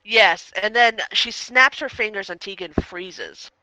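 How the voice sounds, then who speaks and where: A woman co-hosting a podcast in casual review chat, animatedly recapping the plot with quick interjections. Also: medium pitch, crowd noise, low-quality recording. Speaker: podcast co-host.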